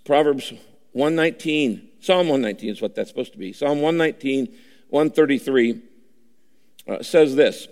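A man preaching a sermon, emphatic, repeating key phrases and slowing down to read scripture. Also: medium pitch, lively intonation, vocal fry, a little mellow, in a large hall. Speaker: pastor.

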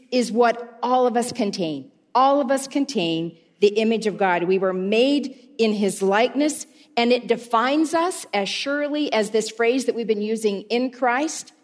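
A woman preaching a sermon to a congregation, explaining scripture in an unhurried teaching manner. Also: on the high side. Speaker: pastor's wife, guest preacher. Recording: long reverb of a large hall.

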